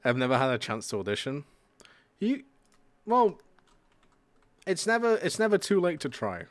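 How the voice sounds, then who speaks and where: Gaming on stream, a young British-sounding man answers chat messages in a chatty, loose way, cursing occasionally. He speaks at a moderate pace in a fairly high, very animated voice, with no echo and faint background music.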